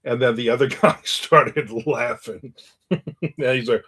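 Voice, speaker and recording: Now medium-pitched, slow, and bright, his voice comes across as forceful and a little rough. The book writer keeps his stream loose and anecdotal, chatting, telling stories, and reading viewers' comments aloud.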